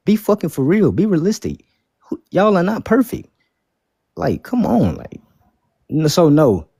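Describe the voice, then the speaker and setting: A man's voice: on the high side, wildly swooping pitch, a little slow, creaky, dark tone, husky, no echo, studio quality. A young man arguing defiantly and with heavy profanity in a heated debate. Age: young adult. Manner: profane, defiant, talks over others.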